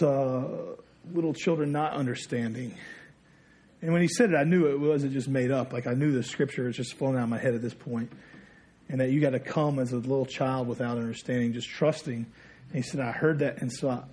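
A man's voice: medium pitch, a little mellow, husky. A man preaching a sermon, telling a story in a conversational way and dropping his voice when he quotes others. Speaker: pastor.

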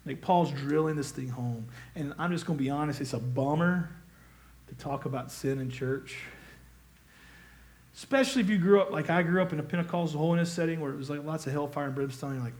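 A man's voice: a little high, fast talker, a little mellow. A man preaching a sermon to his congregation in a conversational, emphatic way, with bursts of rising emphasis. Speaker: pastor.

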